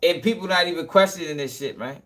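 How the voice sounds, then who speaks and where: A young male streamer rants on his own channel in a fairly high, bright voice, fast and forceful. It's heated and casual, with cursing, repetition and laughs between points.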